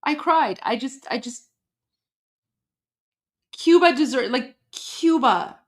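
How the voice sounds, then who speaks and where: A woman from Iran chatting on a casual livestream, emotional and halting, with many restarts and repetitions. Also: high voice, expressive. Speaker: livestream host.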